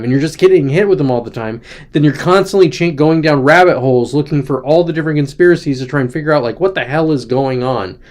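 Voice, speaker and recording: Man, livestream host, loose rambling chat at his desk, mid-pitched voice, lots of ums and self-corrections. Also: darkish tone. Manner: digressive, chatty, frequent ums and self-corrections. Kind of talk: casual rambling livestream talk.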